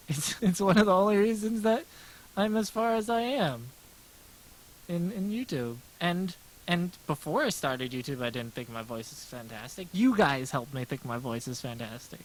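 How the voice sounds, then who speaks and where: An American man with a soft, smooth voice chats loosely with his livestream viewers while drawing. He rambles, repeats himself and pokes fun at himself as he answers their questions one after another. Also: high-pitched, normal speed, rough recording. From United States. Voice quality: gentle smooth voice. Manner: rambling, self-deprecating, answers chat aloud. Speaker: livestreaming artist.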